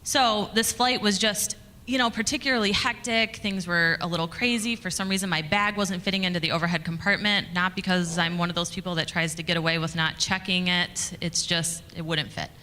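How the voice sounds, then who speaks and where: Bright-voiced woman in a reverberant hall. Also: lowish voice, steady tone, a little fast. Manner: conversational, chatty, with fillers and restarts. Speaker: conference speaker, communications director. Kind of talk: storytelling talk to an audience. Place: conference hall.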